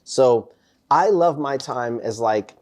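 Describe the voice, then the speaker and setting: A man hosting a casual podcast, telling crude, animated stories with loud acted quotes. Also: medium pitch, slow. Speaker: podcast host, former Marine. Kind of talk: casual chat.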